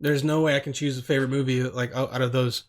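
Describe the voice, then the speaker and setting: A man's voice: mid-range voice, flat delivery, fast. A young man hosting a podcast on his own, rambling in loose, profane casual talk full of slang. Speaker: podcast host.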